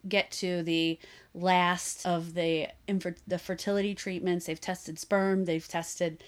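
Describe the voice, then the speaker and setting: A woman's voice: lowish voice, slow pace, smooth. A young woman co-hosting a podcast, chatting casually about books and acting out scenes as she retells them. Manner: animated storyteller, gushing, slips into quoted voices. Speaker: podcast co-host. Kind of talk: casual book chat.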